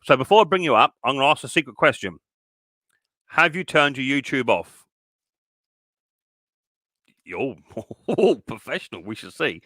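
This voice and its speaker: Casting: middle-aged man, livestream host, bright crisp voice, dry close sound, loose rambling chat. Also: medium pitch, expressive, normal speed, pauses often, dry recording. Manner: chatty, rambling, full of fillers and restarts. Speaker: livestream host and mower repairer.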